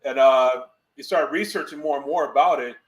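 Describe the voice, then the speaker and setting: A man's voice: medium pitch, normal speed. A man, a guest on a podcast, chatting casually in a rambling way, full of fillers. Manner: rambling, filler-heavy, says "like" a lot. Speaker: guest, former football player.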